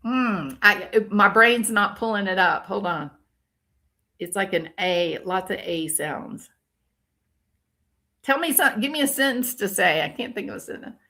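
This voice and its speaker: A woman's voice: mid-range voice, expressive, unhurried, bright, forceful tone. An older woman hosting a casual true crime commentary livestream, ranting and reacting to viewer comments as they come in.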